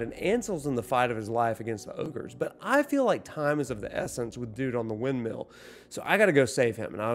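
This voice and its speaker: A man telling a casual, self-deprecating story about his game session, acting out the lines. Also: medium pitch. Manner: animated storyteller, self-deprecating, acts out dialogue. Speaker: gaming vlogger. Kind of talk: casual gameplay recap.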